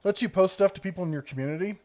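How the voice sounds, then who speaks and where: A congested man hosting a live tool show, casually reading viewer comments and giving relaxed advice. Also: sits high, very fast. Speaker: YouTube tool channel host. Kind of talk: casual live-stream chat.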